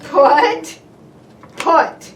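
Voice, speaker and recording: Brief: animated woman speech therapist, high and bouncy pitch, exaggerated sound effects, slow deliberate word modeling. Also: a little hiss or hum. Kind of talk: playful speech therapy session with a young child. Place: indoor therapy room. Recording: roomy and distant.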